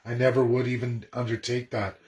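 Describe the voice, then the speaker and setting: A man's voice: medium pitch, little pitch movement, fairly quick, a little mellow, poor audio. A man delivering an emphatic, indignant political monologue, throwing rhetorical questions at his audience and swearing freely. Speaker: political commentator.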